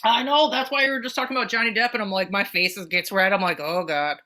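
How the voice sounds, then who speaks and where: A woman co-hosting a casual podcast, spinning an animated story full of swearing. Her voice is bright and forward, and she slips into the voices of the people she quotes. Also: on the high side, quick pace. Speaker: podcast co-host.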